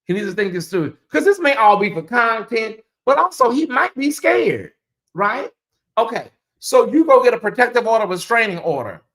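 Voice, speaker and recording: A livestream host giving live gossip commentary in a blunt, profane, animated way, with big swings in pitch. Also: moderate pace.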